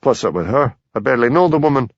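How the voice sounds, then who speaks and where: A man voicing a patient village policeman who talks in a gentle, plain-spoken way. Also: mid-range voice, animated, quick pace, no room sound. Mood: calm. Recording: dull dry lo-fi audio.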